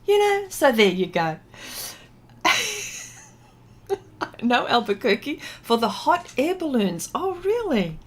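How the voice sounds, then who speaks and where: A middle-aged woman speaks slowly in a fairly high, sing-song voice, pausing often as she paints on a casual art livestream. Between chatting, she reads viewer comments aloud and laughs often.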